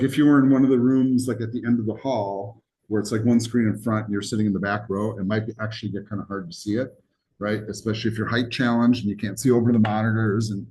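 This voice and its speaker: Low-voiced casual college instructor. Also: male voice, fairly even intonation, fast talker, darkish tone, a little hiss or hum, low-quality recording. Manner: casual, rambling, joking asides. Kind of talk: live classroom lecture. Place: classroom.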